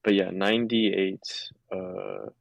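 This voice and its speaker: A man playing a tabletop role-playing game, talking casually with halting restarts and laughter. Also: sits low, very animated, vocal fry, dry recording. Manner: halting, laughing, with sudden blustering threats in character. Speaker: player.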